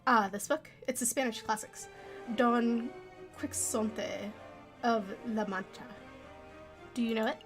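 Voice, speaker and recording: A courteous young prince telling his side with formal, earnest politeness, as a woman reads his lines aloud. Faint game music plays softly underneath. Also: on the high side, slow pace, pauses often.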